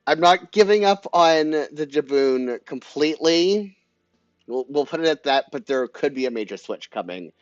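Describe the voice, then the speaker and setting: A man's voice: on the high side, animated, normal speed, no echo, dull audio. A man with a Canadian accent hosting a casual live planning chat, talking to viewers by name and laughing often. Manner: chatty, giggly, addresses viewers by name. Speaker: livestream host.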